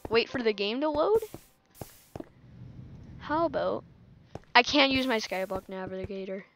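A woman's voice: fairly high pitch, animated, a little slow, fairly bright tone, faint music behind. A woman giving casual gameplay commentary, chatting to herself and laughing often as she plays. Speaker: gaming channel host.

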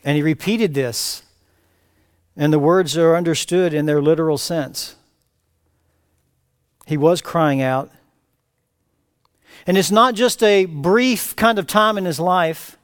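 A man preaching a sermon in a fairly high voice, recorded close and dry. He delivers it with passion, rising to emphatic, louder phrases and then dropping to quiet, low-spoken lines. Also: slow, pauses often, dry recording. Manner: impassioned, swinging from raised emphatic cries to hushed low phrases. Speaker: pastor.

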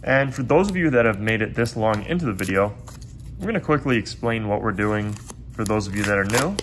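A man hosting a casual coin roll hunting vlog, chatty and quick to get excited, who is losing his voice. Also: on the low side, slight background noise. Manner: chatty, excitable when surprised. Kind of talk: casual hobby vlog narration.

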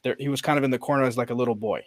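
A man's voice: mid-range voice, fairly even intonation, rapid-fire, no room sound. A man on a podcast as guest coach, animatedly retelling a story and quoting the people in it, with many fillers and restarts. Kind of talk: conversational storytelling.

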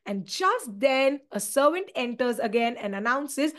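A woman teacher with an Indian English accent retelling a play in an animated exam-prep lecture, dropping in Hindi asides. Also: fairly high pitch, moderate pace, few pauses. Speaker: literature teacher.

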